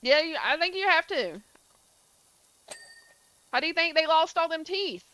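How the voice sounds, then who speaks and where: Bright-voiced woman streamer. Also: extremely high pitch, lively intonation, unhurried, poor audio. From southern United States. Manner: chatty, answers chat, many filler likes. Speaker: gaming streamer. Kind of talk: casual chat while streaming a game.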